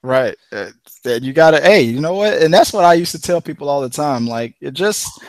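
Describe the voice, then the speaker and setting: A man's voice: on the high side, animated, brisk, a little mellow, dry recording. A man co-hosting a casual podcast, ranting emphatically and repeating words as he starts his points. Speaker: podcast co-host. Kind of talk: casual chat.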